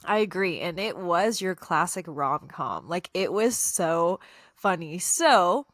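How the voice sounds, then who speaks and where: A woman's voice: fairly low pitch, sing-song, slow, fairly bright tone, dry recording. Upbeat woman hosting a book podcast, dry sound. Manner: friendly, upbeat, leads the talk. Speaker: podcast host. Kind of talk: casual book chat.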